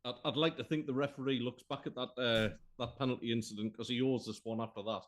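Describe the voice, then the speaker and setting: A man's voice: mid-range voice, steady tone, quick pace. Outspoken male co-commentator on a football stream. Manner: outspoken, complains about refereeing decisions. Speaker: guest co-commentator on a live stream. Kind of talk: casual live football co-commentary.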